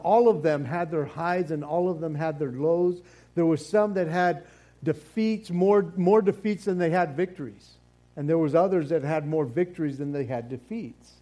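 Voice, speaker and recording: A man's voice: fairly high pitch, dark tone. A man teaching a casual Bible study, rambling with many fillers and repeated words, sometimes playfully acting out the figures he describes. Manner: acts out quoted exchanges playfully.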